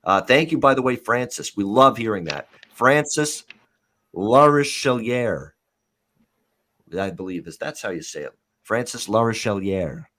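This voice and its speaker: A man's voice: fairly low pitch, animated, brisk, few pauses, bright, forceful tone. A man hosting a live sports betting talk show, talking in a loose, rambling way with many fillers and reading out viewer comments. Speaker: host.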